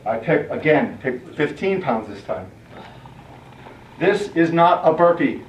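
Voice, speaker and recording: Taking it slowly, a male trainer with a slightly high voice and big pitch swings gives a workout lesson, counting reps aloud and issuing short commands as he demonstrates. The sound is echoey, distant, and dull, with a little background noise.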